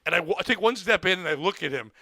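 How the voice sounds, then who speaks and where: Excitable gravelly man telling a wild story. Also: sits high, racing, no echo, clean studio sound. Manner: excitable, profane, acts out crowd screams. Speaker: comedian telling a story on a podcast. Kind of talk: animated storytelling.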